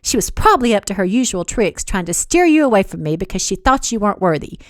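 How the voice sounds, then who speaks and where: A woman voicing an indignant young woman who shouts in a high, shrill voice during a storybook romance reading. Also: very animated, fast, dry recording, studio quality, natural voice.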